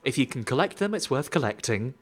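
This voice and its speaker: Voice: medium pitch, big pitch swings, brisk. A co-host of a casual game stream, explaining things in a chatty, rambling way with many fillers. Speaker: let's play co-host. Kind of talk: casual gameplay commentary.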